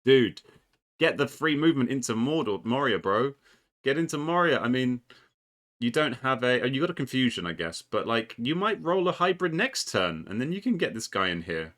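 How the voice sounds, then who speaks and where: A man commentating a recorded board game match in a casual, excitable way, with plenty of ums, restarts, laughs and the odd swear. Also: medium pitch, moderate pace.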